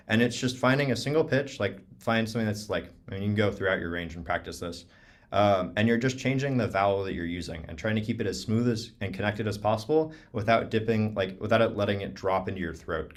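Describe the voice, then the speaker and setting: A young man with a very low voice teaches clarinet over a video call. He talks loosely and casually, filling his sentences with "um" and "like". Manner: relaxed, many fillers like "um" and "like". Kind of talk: casual online clinic talk.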